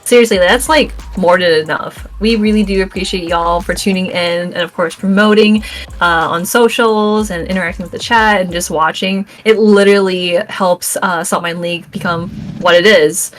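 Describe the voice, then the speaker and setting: A woman co-commentating a live fighting-game tournament, upbeat and quick to laugh, thanking viewers and reading the play. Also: on the low side, steady tone. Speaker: esports co-commentator.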